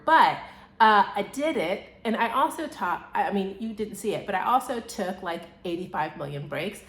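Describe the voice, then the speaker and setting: A woman talking casually in a home vlog, chatty and excitable, rambling along with little laughs. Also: mid-range voice, reverberant. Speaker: home decor vlogger. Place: at home indoors.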